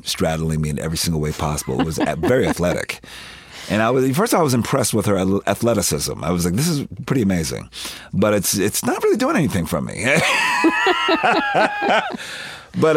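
Low husky-voiced man telling stories. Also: no room sound. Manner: warm, laughing often, acts out family voices. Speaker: interview guest, actor. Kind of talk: candid personal storytelling.

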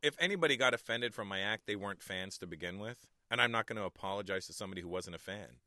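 A man's voice: lowish voice, fast, sharp tone, no echo, clean studio sound. A Canadian man in his forties, a comedian guest in a radio interview, talking in a laid-back, candid and blunt way.

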